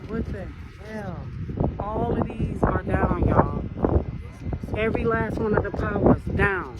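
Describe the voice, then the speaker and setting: A man filming outdoors on a street, slowly and in disbelief describing what he sees. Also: high voice, over loud music. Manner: slow, stunned, swearing in disbelief. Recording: windy, noisy outdoor phone video with traffic.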